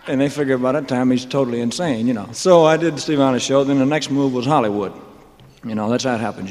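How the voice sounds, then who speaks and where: A man's voice: medium pitch, quick pace, darkish tone. Man rambling onstage in a hall. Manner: mumbled asides, chuckles and wisecracks, puts on quoted voices. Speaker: singer telling his career story on stage. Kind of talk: rambling stage monologue. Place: live concert stage. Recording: live hall with faint crowd ambience.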